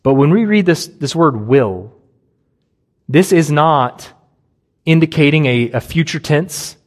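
A man delivers an earnest sermon, leaning on each point with emphatic, deliberate phrasing. His voice sits a touch higher than most men's. He drops low and soft when he speaks Jesus' words. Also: lively intonation. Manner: earnest, emphatic expository preaching with long pauses. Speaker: preacher.

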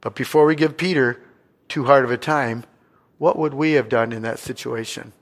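Expressive male pastor preaching. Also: medium pitch, normal speed. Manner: expressive preaching, swinging between loud and hushed; asks the congregation questions. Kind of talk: sermon.

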